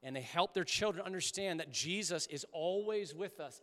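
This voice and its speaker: A man's voice: high-pitched, expressive, moderate pace, few pauses, over music. Man preaching in a reverberant church. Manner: conversational, emphatic preaching with soft prayerful drops. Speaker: pastor. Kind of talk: sermon. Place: church sanctuary.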